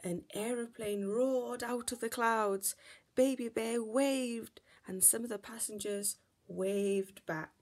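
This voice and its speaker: A woman teacher reading a picture book aloud for story time, slow, gentle and expressive. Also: on the high side.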